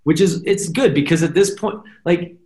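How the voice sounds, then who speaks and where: A man with a fairly high voice speaks at a normal speed as a podcast guest. He's animated, explaining things at length and tossing in "right?" again and again during this casual chat. The recording has a roomy echo.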